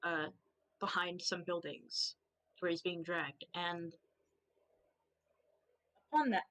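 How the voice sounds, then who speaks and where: A woman's voice: fairly low pitch, steady tone, takes it slowly, fairly bright tone, rough recording. A woman narrating as game master of a tabletop game, casual and rambling, often laughing. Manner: casual, giggly, loose and rambling.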